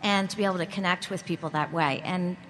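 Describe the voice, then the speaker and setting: A woman's voice: lowish voice, fairly even intonation, fast talker, a bit bright. A woman speaking on a panel in an earnest, heartfelt way. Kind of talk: panel discussion. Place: conference hall. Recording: reverberant hall, faint noise.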